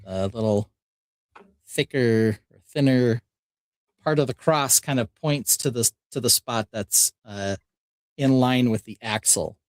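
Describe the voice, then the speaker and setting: A man's voice: mid-range voice, unhurried, no room sound. A man hosting a casual live stream, explaining each step as he builds. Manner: easygoing, explains steps as he builds. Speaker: host.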